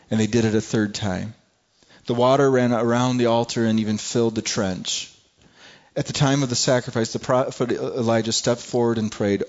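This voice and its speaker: Rich: a male preacher delivering a sermon at a middle pitch, often repeating and restarting his words as he reads scripture. He puts earnest rhetorical questions to his listeners. The recording is dull and lo-fi. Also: fairly even intonation, normal speed.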